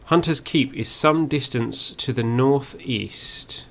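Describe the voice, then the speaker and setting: Gravelly man musing through a game. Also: mid-range voice, slow pace, fairly bright tone. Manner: musing, reads on-screen text aloud. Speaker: game streamer. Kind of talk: first-play commentary.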